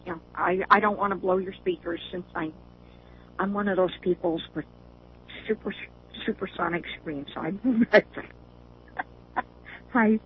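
A woman's voice: fairly low pitch, fairly even intonation, a little slow, long pauses. An older woman calling in to a show, chatting casually and laughing often as she talks. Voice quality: laughs often while talking. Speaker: caller. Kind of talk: casual phone chat. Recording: tinny phone line with faint hiss.

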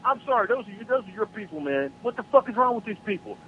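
Fired-up caller on a tinny phone line. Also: male voice, high voice, lively intonation, fast talker, slightly rough. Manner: profane, heated, ranting. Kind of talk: angry political rant on a call-in show. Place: South Carolina.

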